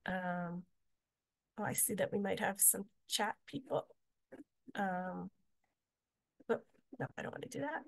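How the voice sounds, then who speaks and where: A woman's voice: medium pitch, a little slow, creaky, long pauses. A woman from Israel, a tour guide, giving a meandering, chatty presentation over a video call. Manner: chatty, meandering, many filler words.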